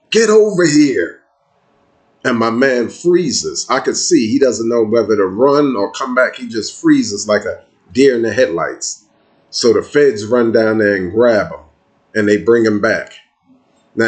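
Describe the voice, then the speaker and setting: A man with a casual, streetwise manner, telling a personal story in an emphatic, conversational monologue. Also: medium pitch.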